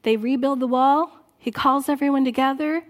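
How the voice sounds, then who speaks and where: A woman preaching a sermon in church, earnest and exhorting, dropping soft and low at times. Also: fairly even intonation, moderate pace. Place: church sanctuary.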